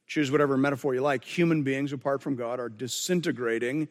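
A man's voice: medium pitch, steady tone, brisk, big-room sound. A man preaching a sermon as pastor, earnest and conversational, often restarting his phrases.

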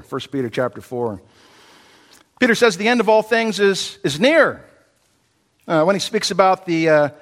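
High-voiced preacher in a reverberant hall. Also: male voice, fairly bright tone. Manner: emphatic, repeats key phrases, laughs between points. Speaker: pastor. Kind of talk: expository sermon.

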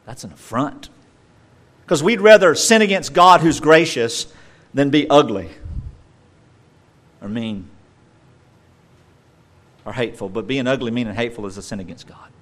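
A middle-aged male pastor delivering a sermon, swinging between loud emphatic stresses and quiet conversational asides. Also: mid-range voice, animated, a little slow, long pauses.

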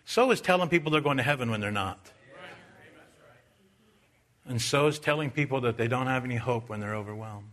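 Male Baptist preacher, bright forceful tone, preaching in a church. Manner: rises to loud, high-pitched preaching, then drops to quiet storytelling. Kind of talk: sermon.

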